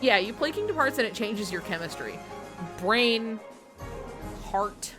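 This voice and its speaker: A woman streamer chatting casually and excitably, swearing and laughing often. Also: a little high, measured pace, over music. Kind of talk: casual chat.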